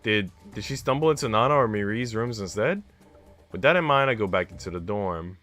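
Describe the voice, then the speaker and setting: Expressive man reading a game aloud. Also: lowish voice, brisk, faint music behind. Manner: expressive, reacts out loud. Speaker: streamer reading a visual novel aloud. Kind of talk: dramatic read-aloud with commentary.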